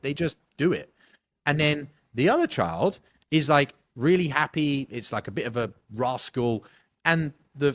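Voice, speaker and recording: Blunt sales coach, dry sound. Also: male voice, mid-range voice, no echo. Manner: blunt, swears casually, animated storytelling. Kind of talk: podcast interview answer.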